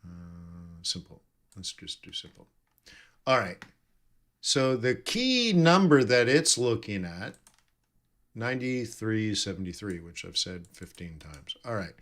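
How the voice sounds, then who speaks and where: A man's voice: lowish voice, sing-song, slow, fairly bright tone. A man giving live trading commentary, thinking aloud and correcting himself as he reads numbers off charts. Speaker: forex trading streamer.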